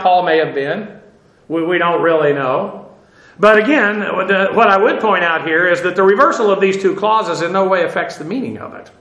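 A man teaching a verse-by-verse Bible lecture in a conversational way, halting with fillers and restarts and dropping dry asides. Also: high-pitched, fairly bright tone, roomy sound, low-quality recording.

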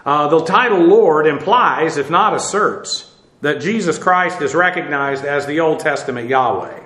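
A man teaching a Bible lesson, explaining Greek words in a halting way full of fillers. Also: a little high, lively intonation, a bit bright, roomy sound.

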